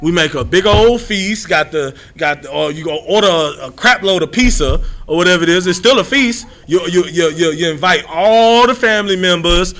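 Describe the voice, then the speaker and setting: A man's voice: high voice, pushed and bright. A man leading a street-style scripture lesson, blunt and slangy, who stretches out repeated verses for emphasis and often restarts his sentences. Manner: emphatic, drags out repeated quotes, restarts a lot. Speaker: scripture teacher.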